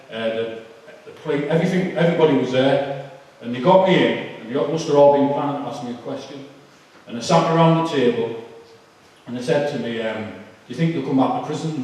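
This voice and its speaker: Man, emotional testimony with halting delivery and fillers; recorded far off in a big, echoey hall. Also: medium pitch, dark tone. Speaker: speaker giving a testimony. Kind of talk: personal testimony talk.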